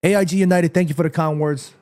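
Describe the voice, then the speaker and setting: A man streaming a live football watchalong, reading chat aloud and ranting with passion, swearing freely and swinging between calm and heated outbursts. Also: on the high side, fast. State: sweaty after the match.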